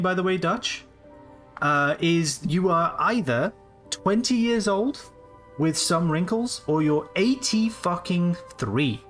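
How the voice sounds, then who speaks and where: Animated late-twenties streamer man. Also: sits high. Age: late 20s. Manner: rambling, casual, swears freely. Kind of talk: live gameplay commentary.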